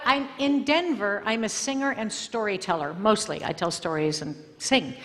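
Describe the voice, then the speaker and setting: A woman storyteller and singer answering student questions at a school assembly in a chatty, expressive way. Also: mid-range voice. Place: school auditorium. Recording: long hall reverb, faint music.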